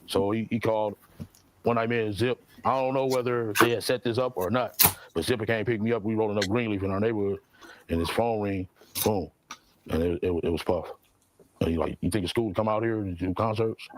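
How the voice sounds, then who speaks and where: A man recounting past events in an interview, in halting speech that repeats words and acts out quoted dialogue. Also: on the low side, steady tone, rough recording. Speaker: interview guest.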